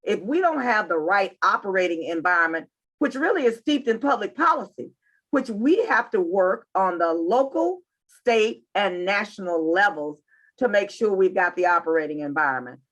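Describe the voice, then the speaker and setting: A woman's voice: mid-range voice, animated, moderate pace. A woman, a chamber of commerce president answering interview questions and repeating key points for emphasis. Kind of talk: interview guest.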